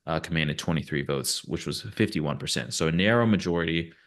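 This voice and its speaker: A man co-hosting a casual sports podcast, relaxed and hesitant with frequent fillers. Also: a bass voice, fairly quick. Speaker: podcast co-host.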